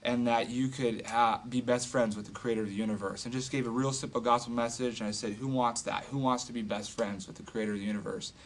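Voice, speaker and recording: Man telling an animated testimony. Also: medium pitch, fast talker, hardly any pauses, slight background noise. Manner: animated, filler-heavy retelling with acted quotes. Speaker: street evangelist telling a testimony. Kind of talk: casual storytelling.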